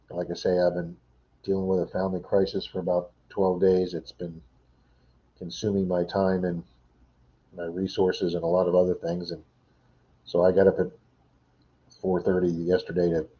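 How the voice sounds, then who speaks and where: Over dull audio, a middle-aged man with a low voice hosts a casual livestream from home, rambling on and answering what viewers write in chat.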